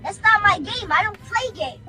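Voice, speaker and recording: Young woman w a super high bright voice, defiant rant, faint music behind. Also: animated, normal speed. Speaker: speaker in a played viral clip.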